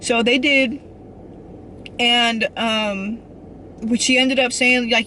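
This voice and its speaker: A woman's voice: a little high, fairly even intonation, slow pace, pauses often, sharp tone, slight background noise. A young woman vlogger telling an emotional personal story in a rambling, earnest way, full of fillers and restarts.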